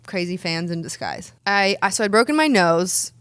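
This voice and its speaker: A woman's voice: fairly low pitch, expressive, moderate pace, fairly bright tone, smooth, dry recording, studio quality. A woman in her thirties, a guest in an interview, telling stories in a chatty, upbeat way with frequent restarts. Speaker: pro wrestler and dentist guest. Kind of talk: casual interview answers.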